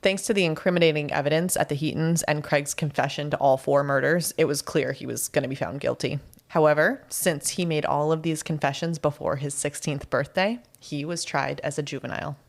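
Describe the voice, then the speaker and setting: A woman's voice: sits low, gravelly. A woman co-hosting a podcast, chatting casually and laughing often as she walks through a true crime case. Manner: chatty, laughs often, reads quotes slowly. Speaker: podcast co-host presenting the case.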